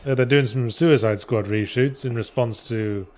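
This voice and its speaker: A man's voice: mid-range voice, normal speed, a little mellow. A man, co-hosting a casual chat and reading out viewer questions, with dry, wry remarks.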